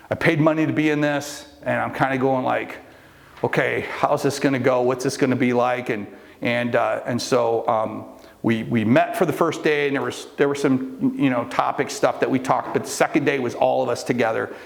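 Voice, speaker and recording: A middle-aged male coach with a gravelly, rough edge to his mid-range voice. He tells a story to a live group, stumbling through restarts and fillers. He jumps into the voices of the people in his story. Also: medium pitch, fairly even intonation, moderate pace. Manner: storytelling, acts out quoted people. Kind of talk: motivational talk to a live group.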